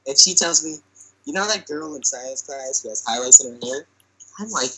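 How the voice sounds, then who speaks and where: A man's voice: mid-range voice, lively intonation, moderate pace, sharp tone, slightly rough, rough recording. A young man telling a comic story on a podcast in a chatty way, full of fillers, and acting out the lines he quotes.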